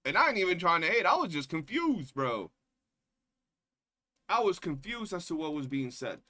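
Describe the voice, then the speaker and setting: Bright-voiced young man ranting casually. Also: fairly high pitch, normal speed. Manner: slangy, profane, animated rants with mocking voices. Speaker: streamer reacting to drama. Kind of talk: casual reaction stream chat.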